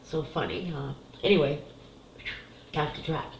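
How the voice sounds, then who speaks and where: In a reverberant, low-quality recording with slight background noise, a middle-aged psychic woman speaks a little slowly in a low voice with vocal fry and lively intonation. Doing card readings, she chats casually to camera about family and spiritual cards. She's candid and emotional, tearful at moments, and swears freely.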